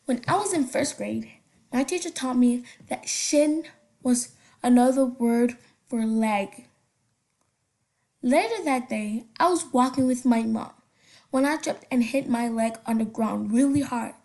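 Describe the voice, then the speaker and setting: A woman's voice: a little high, vocal fry, mellow. A young woman casually reading funny stories aloud, stumbling over words and breaking off with giggly asides. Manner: halting read-aloud with slips and giggly asides.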